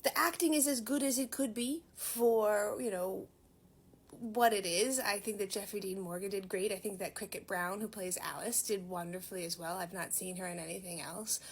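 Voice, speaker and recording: A woman's voice: medium pitch, fairly even intonation, moderate pace, breathy edge. A young woman from Massachusetts, chatting casually and self-mockingly as she reviews a movie she turned out to be an extra in. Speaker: movie reviewer and background actor.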